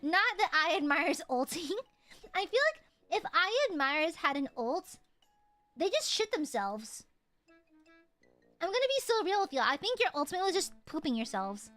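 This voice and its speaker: A woman streamer in casual chat with her viewers, playful and teasing, jumping from loud squeals to low mutters. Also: big pitch swings, moderate pace, no room sound, faint music behind.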